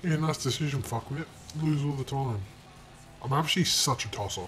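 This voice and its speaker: A young man who hosts a gaming channel plays a game in a room at home, speaking into a desk mic in a mid-range voice at normal speed, with soft music in the background. His profane commentary is crude and sarcastic, trash-talking other drivers, with sudden loud outbursts and shouting.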